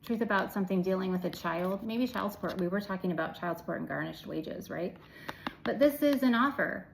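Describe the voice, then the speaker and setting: Gravelly-voiced woman giving a tarot reading. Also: medium pitch, a little fast, slight background noise, low-quality recording. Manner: chatty, affirming, swears casually, drops to whispers. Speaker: tarot reader. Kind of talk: casual tarot reading to camera.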